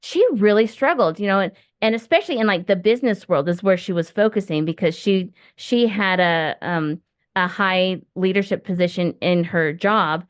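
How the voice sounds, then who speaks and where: A woman's voice: medium pitch, moderate pace, dry recording, studio quality. A middle-aged woman hosting a podcast from home, talking in a chatty, rambling way with many fillers. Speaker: podcast host. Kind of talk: casual interview conversation.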